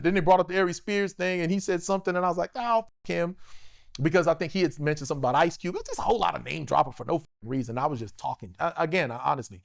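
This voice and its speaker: His voice on the high side with some vocal fry, a man in his forties from the US tells a rowdy, profane story as an interview guest. He keeps it animated and casual, acting out other people's lines.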